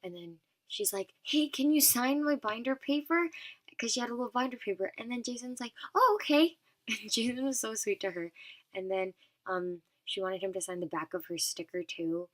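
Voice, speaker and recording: A woman's voice: medium pitch, steady tone, brisk. A young woman vlogger from California telling a long story in a rambling, casual way, full of "and then" and fillers.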